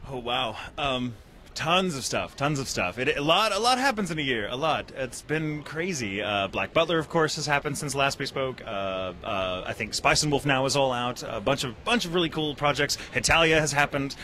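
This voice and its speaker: A man who voices anime characters, chatting about his work at a convention interview, animated and quick to laugh at himself. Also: medium pitch, slight background noise. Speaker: voice actor and writer. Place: convention venue.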